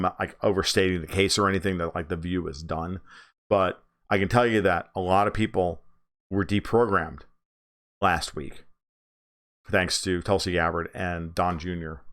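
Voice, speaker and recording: A man's voice: sits low, fairly bright tone. A man hosting a casual political livestream, ranting sarcastically and profanely, with many fillers and restarts.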